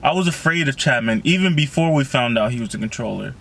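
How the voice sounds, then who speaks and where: A man's voice: mid-range voice, animated, fast talker, gravelly, a bit bright. A man reading the lines of a sarcastic, joking teenage boy from a novel. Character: wisecracking teenage boy, mocking.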